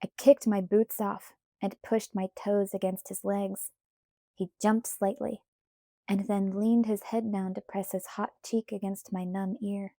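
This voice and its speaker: A woman narrating a novel aloud in an unhurried, even storytelling manner. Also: medium pitch, no echo. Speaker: audiobook narrator.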